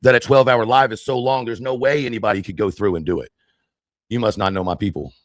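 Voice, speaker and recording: A man's voice: fairly low pitch, steady tone, fast talker, no room sound, studio quality. An angry man ranting on his livestream, heated, profane and confrontational.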